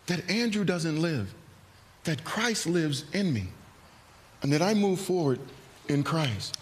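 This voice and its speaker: A man preaching a sermon in a church, earnest and animated, acting out hesitant asides. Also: on the high side, takes it slowly, long pauses. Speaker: pastor. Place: church sanctuary.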